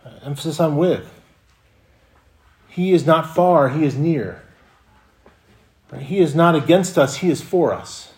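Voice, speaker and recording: A man's voice: on the high side, expressive, unhurried, long pauses, darkish tone. A man preaching a sermon as pastor, earnest, often repeating words as he restarts a phrase.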